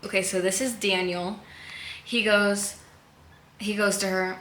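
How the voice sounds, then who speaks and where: A woman's voice: mid-range voice, steady tone, measured pace, a bit bright, reverberant. A young woman chatting casually to camera about books she loved, gushing and laughing often. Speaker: book vlogger. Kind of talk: casual book chat to camera.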